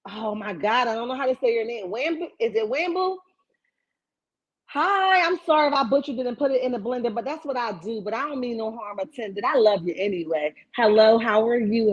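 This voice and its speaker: Woman, casual live-stream host, sassy and preachy, higher voice, muffled lo-fi sound. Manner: animated, sassy, preachy outbursts. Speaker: show host reading live chat. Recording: dull lo-fi stream audio.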